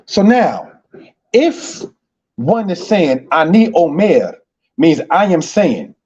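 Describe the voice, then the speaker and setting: A man's voice: on the high side, very animated, slow, a little mellow, breathy edge, lo-fi sound. A man teaching an online Hebrew lesson, repeating phrases and addressing listeners as brothers and sisters.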